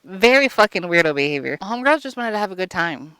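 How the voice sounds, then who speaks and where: A woman with a bright, smooth voice riffs through a comic movie recap. She swears freely and rambles, full of "like" and "um". The sound is dry and close. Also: medium pitch, very animated, quick pace, no echo. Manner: crude, rambling, lots of fillers. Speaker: vlogger. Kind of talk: casual comedic movie recap.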